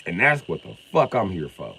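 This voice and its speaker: A middle-aged man from Illinois ranting on a live stream, confrontational and profane, swinging from loud outbursts to mock calm. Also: low voice, moderate pace, vocal fry, slight background noise, low-quality recording. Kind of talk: heated live-stream rant.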